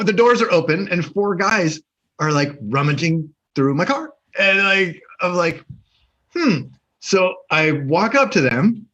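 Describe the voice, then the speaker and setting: A man co-hosting a podcast, telling a story casually, animated and swearing, acting out the voices of people in it. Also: fairly high pitch, lo-fi sound. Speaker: podcast co-host.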